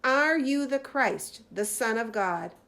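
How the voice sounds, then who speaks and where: Storybook high priest, an older man, pompous and thundering, a woman reads him pitched a little high and loud. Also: animated, slow, full character voice. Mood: commanding. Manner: commanding, booming accusations.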